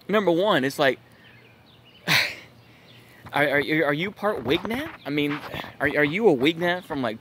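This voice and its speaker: Exasperated and incredulous, an American political commentator rants to camera on his vlog channel in a medium-pitched voice. Fillers such as "bruh" and "it's just like" come up constantly, and there's a little hiss or hum.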